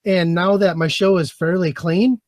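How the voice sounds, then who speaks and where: A man's voice: high-pitched, fairly even intonation, normal speed, darkish tone, no room sound, clean studio sound. A man, a former soldier, telling stories in casual chat with lots of swearing and laughter. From United States. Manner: profane, laughing storyteller. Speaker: podcast guest and former soldier.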